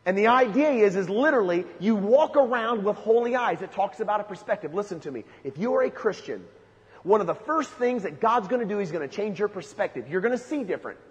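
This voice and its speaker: A man's voice: high-pitched, expressive, fast talker, lo-fi sound. A man preaching a sermon, emphatic, with rhetorical questions and lists. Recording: long hall reverb.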